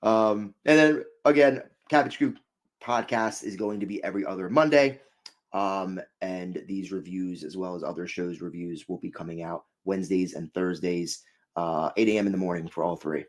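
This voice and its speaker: A man's voice: low-pitched, normal speed. A man co-hosting a casual show review, upbeat and rambling, laughing often. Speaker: podcast co-host.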